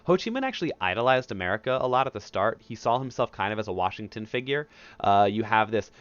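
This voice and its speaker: A man's voice: fairly low pitch, animated, a bit bright, clear, resonant tone, no room sound, muffled recording. A male history teacher giving a casual, conversational recorded lecture over a headset mic. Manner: casual, conversational, acts out historical figures in quick asides.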